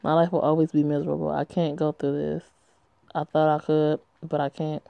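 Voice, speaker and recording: A woman reading aloud as a troubled young woman who blames herself, in a flat, low-key way. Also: normal speed, creaky, no room sound, muffled recording. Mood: despairing. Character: troubled young woman, despairing and self-blaming. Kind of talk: reading a story game aloud.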